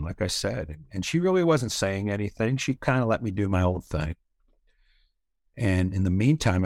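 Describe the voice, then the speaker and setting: A middle-aged man from Canada talks through his life story in a relaxed, rambling way, full of "you know" and casual swearing. His voice sits very low. The recording is dry, with no room sound. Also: no room sound. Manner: candid, rambling, swears freely, many fillers. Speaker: podcast guest.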